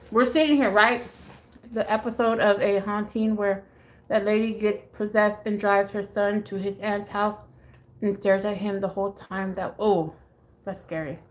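Bright, animated woman telling stories at home. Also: medium pitch. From United States. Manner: animated, swears freely, acts out others' lines. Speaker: beauty vlogger. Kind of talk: casual live-stream storytelling. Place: her home. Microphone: phone camera.

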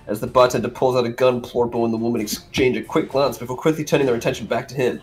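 A man's voice: mid-range voice, fairly even intonation, fast, few pauses, soft background music. A young man reading an AI-written story aloud with a friend, making puns and laughing often. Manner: laughs a lot, punny, playful readings.

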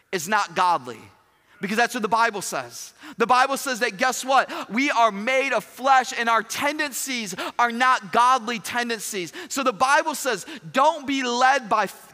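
A man preaching a sermon as pastor, animated, acting out quoted dialogue and asking the congregation questions. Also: very high voice. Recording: long hall reverb.

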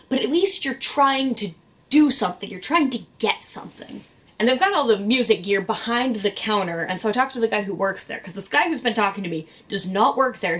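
Rambling woman vlogger telling a story. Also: a little high. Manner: animated, sarcastic asides, quotes people in voices.

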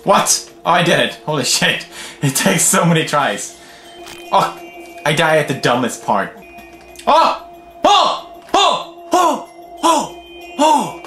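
A young Swedish-accented man rages through a video game, dropping into low mutters and breaking out in high, wild yells. His voice is bright and sharp and swings all over the place. It sits in an echoey room with faint music underneath. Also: big pitch swings, slow, long pauses. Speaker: gaming video host. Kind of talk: gameplay commentary.

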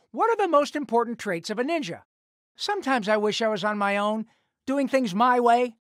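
Cocky sarcastic teen ninja turtle, kart game lines, bright edgy tone, slow deliberate delivery. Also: male voice, very high-pitched, no echo, clean studio sound, full character voice. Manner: sarcastic, cocky trash talk. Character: brash hot-headed teenage mutant turtle ninja, male. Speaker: kart racer character.

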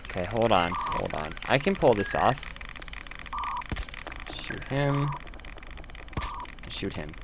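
A man giving casual commentary over his own gameplay, chatty and quick to exclaim when things go wrong. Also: on the low side, very animated, noisy background. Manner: chatty, easily frustrated, exclaims at setbacks.

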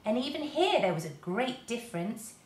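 A woman reading a children's storybook aloud for her class. Her voice moves up and down with lively expression. The room has a noticeable echo. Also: on the high side, normal speed. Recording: roomy echo.

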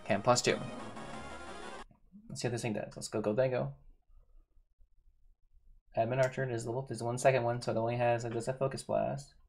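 A man's voice: mid-range voice, little pitch movement, brisk, vocal fry, long pauses, a little mellow, soft background music. A man giving casual gameplay commentary, thinking aloud, repeating himself and talking to his game characters. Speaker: gaming YouTuber.

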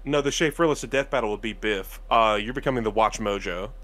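A man's voice: fairly low pitch, fast talker, a bit bright. A man in casual chat, teasing dryly and swearing casually. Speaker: co-host.

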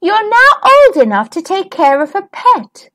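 A woman's voice: very high-pitched, very animated, measured pace, a bit bright, voice pushed up, full character voice. A woman voicing a kindly fairy godmother in a children's storybook, chanting rhyming spells in a sing-song way. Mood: cheerful.

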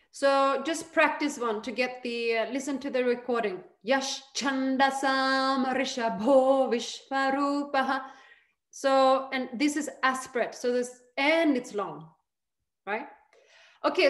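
Patient woman teaching chants slowly. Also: high-pitched, expressive, a bit bright, reverberant. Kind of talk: online group chanting lesson. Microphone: video call.

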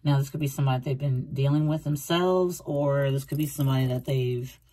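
Her voice sits extremely low with a dark tone, and she speaks a little fast. As a tarot reader giving a casual reading, she rambles chattily over the cards, says the same phrases again, and voices imagined thoughts aloud.

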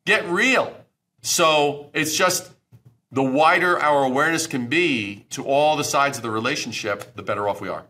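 Blunt, bright-voiced man guest. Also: mid-range voice, normal speed. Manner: blunt and emphatic, swears freely. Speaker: branding expert guest. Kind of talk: podcast interview.

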